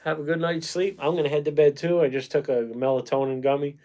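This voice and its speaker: A man's voice: fairly high pitch, fairly even intonation, fast talker, mellow. Chatty man reading out livestream comments. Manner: rambling, reads viewer comments aloud and answers them; talkative, chummy with viewers. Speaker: painting livestreamer. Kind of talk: casual livestream chat.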